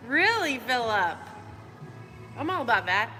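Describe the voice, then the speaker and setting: A chatty young woman leads a live workout, greeting viewers one by one in a bright, forceful voice. Her voice rings through a big reverberant gym, with soft music playing underneath. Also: fairly high pitch, very animated, a little slow. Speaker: fitness coach leading a live workout. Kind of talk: live-stream chat while coaching. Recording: roomy hall reverb. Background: faint background music.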